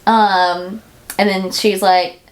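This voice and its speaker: Young female co-host, mid-range voice, relaxed and chatty, retelling a story. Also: medium pitch. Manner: chatty, quick retelling with filler words. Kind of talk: casual chat recapping a book.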